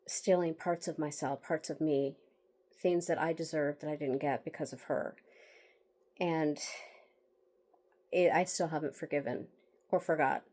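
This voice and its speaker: A woman's voice: low-pitched, darkish tone. A woman telling a bitter personal story in a candid vlog monologue, sighing and laughing wryly as she rambles. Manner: bitter, emotional, with wry laughs and sighs; rambling with restarts and fillers. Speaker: author talking about her book.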